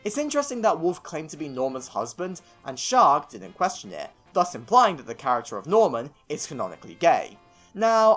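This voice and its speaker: A man's voice: fairly high pitch, a bit bright. A man from England with an English accent narrating a scripted video review of a cartoon series, opinionated and given to sarcastic little rants. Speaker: film and TV reviewer.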